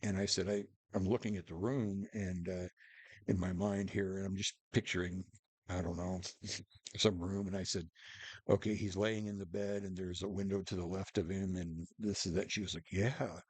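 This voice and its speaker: A man's voice: deep voice, flat delivery, normal speed, darkish tone, slightly rough, dry recording. A man telling a true story in a casual, rambling way, restarting sentences and acting out what people said. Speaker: storyteller vlogger.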